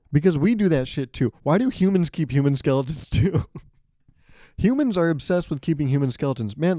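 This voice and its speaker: A young man hosting his own podcast, riffing in an animated, profane way, recorded close on a mic. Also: no echo. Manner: animated, profane, riffing with jumps to high pitch. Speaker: podcast host. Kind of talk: solo comedic podcast monologue.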